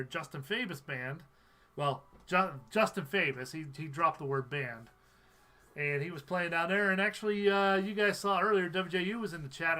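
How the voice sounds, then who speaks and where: A man's voice: high-pitched, sharp tone. A man hosting a live stream, chatting casually, reading out viewer comments and laughing often. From USA.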